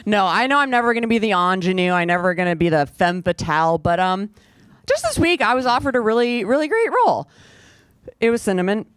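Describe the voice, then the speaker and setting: A young woman with a naturally low voice works a comedy club stage through a handheld mic. Her delivery is dry and self-deprecating, yet her pitch swings widely as she pops into brief high voices for the people in her bits. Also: sing-song, brisk, clear, resonant tone, no echo. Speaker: stand-up comedian. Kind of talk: stand-up set.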